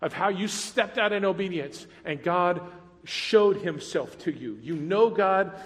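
A man preaching a sermon as pastor, animated, swinging between loud, dramatic acted prayers and quiet, intimate asides. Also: high voice, a little slow, big-room sound.

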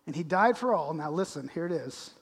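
A man with a high voice preaches a sermon in a church sanctuary that rings with long reverb. He drops to a hush, then swells to loud, and slows right down for scripture. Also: lively intonation, breathy edge. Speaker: pastor. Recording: echoey hall with long reverb.

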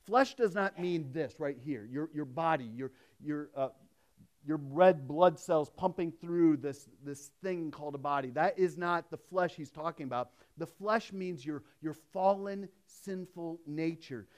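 Conversational preacher, slightly high voice. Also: male voice, unhurried. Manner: swings between emphatic raised delivery and hushed storytelling; conversational, with restarts and asides. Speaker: pastor. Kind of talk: sermon.

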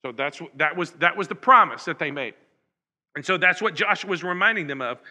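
Bright-voiced preaching man. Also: a little high, lively intonation, a little fast. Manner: earnest preaching, explaining scripture with asides. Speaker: pastor. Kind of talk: sermon.

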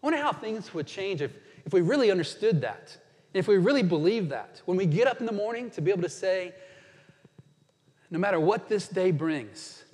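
A man delivers a sermon from a church sanctuary, his voice sitting fairly high. He is earnest and slows right down to savor quoted scripture. The sound carries a long reverb from the hall. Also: expressive, darkish tone. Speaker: pastor.

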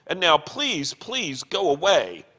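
A man voicing a frantic, ashamed female ghost who pleads in high-strung protests. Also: wildly swooping pitch, slow, sharp tone, exaggerated voice. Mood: distraught pleading. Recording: long hall reverb.

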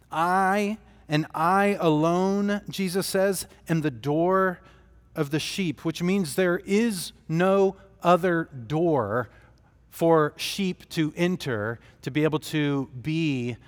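A man preaching a sermon in a slow, measured cadence, leaning hard on key phrases. His voice sits fairly high for a man and carries a long reverb from a large hall. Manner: slow, emphatic preaching with deliberate pauses. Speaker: pastor.

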